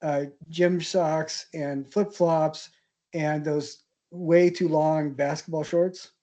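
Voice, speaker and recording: A male instructor relaxes into storytelling mid-class, his voice warm and low in tone. He rambles with plenty of ums and restarts, chuckling at his own punchlines. It sounds like a classroom. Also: steady tone, slow. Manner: chatty, hesitant, laughs at own stories. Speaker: art history instructor. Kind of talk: casual anecdotal storytelling in class.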